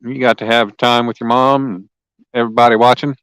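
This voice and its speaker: A man chats easily with his viewers during a fishing livestream by the lake, folksy and relaxed. His voice is smooth and clear, mid-pitched, and close and dry with no room around it. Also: a little fast, dry recording, poor audio. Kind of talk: casual livestream chat. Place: lakeside outdoors.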